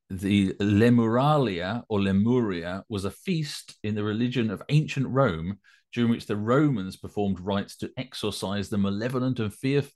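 Teasing, hesitant man with a low voice. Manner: teasing, hesitant, starts with "so" a lot. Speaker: podcast co-host. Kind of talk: casual chat.

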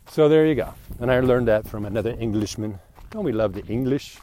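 A man with a medium-pitched, mellow voice talks a little fast over a slight hiss or hum. He's a podcast host walking outdoors near a new bridge, rambling casually in a joking, self-mocking monologue.

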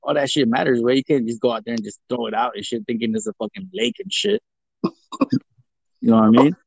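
A man co-hosts a podcast, chatting casually and profanely, laughing a lot and switching into Spanish at times. His medium-pitched voice is expressive and fast, with vocal fry and a breathy edge. The recording is dull, dry and lo-fi, with no echo.

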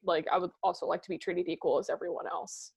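A woman's voice: fairly low pitch, steady tone, quick pace, creaky, darkish tone, slightly rough. A young woman chatting casually with a friend. She talks bluntly, swears freely and fills her sentences with fillers. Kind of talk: casual chat.

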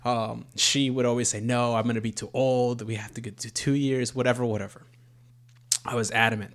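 A man's voice: medium pitch, flat delivery, a little fast. A man of thirty, a first-time father-to-be, telling a long personal story in casual chat, rambling and candid with some swearing. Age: 30s. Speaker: podcast host, expecting first child.

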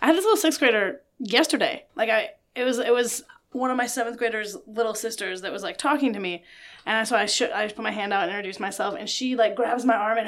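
A woman's voice: fairly high pitch, brisk, a bit bright. A woman, a middle school teacher, chatting casually and telling a story in a blunt, teasing way. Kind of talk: casual chat.

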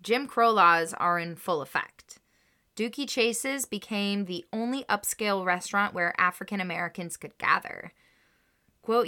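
A woman's voice: medium pitch, sharp tone. A woman co-hosting a podcast, reading a researched story and quotes aloud, then reacting emotionally to them. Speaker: podcast co-host telling a story. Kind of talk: casual chat with read-aloud history and quotes.

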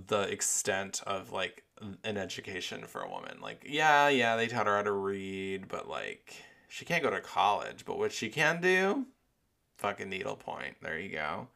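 A man's voice: fairly low pitch, big pitch swings, a little slow, gravelly, fairly bright tone. A man hosting a podcast, talking in a rambling, profane way with many filler words, his voice affected by allergies. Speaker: podcast host. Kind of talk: casual monologue podcast.

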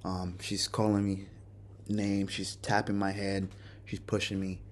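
A man's voice: low-pitched, monotone, measured pace. A man hosting a podcast, telling a personal story in a candid, casual way and cursing often. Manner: candid, profane, conversational. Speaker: podcast host.

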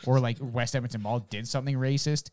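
Man, rapid talker, swears a lot, animated storyteller, casual podcast chat. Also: mid-range voice. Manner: swears constantly, loud storytelling with shouted re-enactments. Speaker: podcast co-host.

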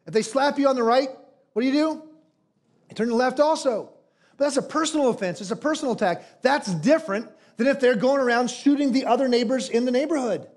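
A man with a noticeably high voice delivers a sermon as pastor. He preaches with emphasis, throwing out rhetorical questions and acting out quoted prayers. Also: fast, darkish tone.

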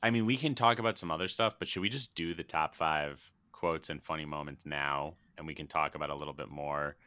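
A man's voice: a bass voice, fairly quick, pushed and bright, clear, resonant tone, dry recording. A young man co-hosting a casual movie podcast, laid-back and profane, laughing as he retells scenes. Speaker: podcast co-host. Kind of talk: casual movie-review chat.

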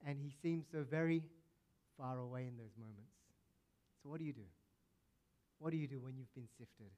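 Guy pastor giving a sermon, mid pitch, leans hard on key words then goes quiet, asks the crowd questions. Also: normal speed. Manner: emphatic, dropping to hushed for somber moments; rhetorical questions to the congregation.

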